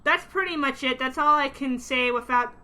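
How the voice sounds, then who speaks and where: A woman's voice: high voice, normal speed, pushed and bright. A young woman co-hosting a casual podcast, rambling with lots of fillers. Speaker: podcast co-host.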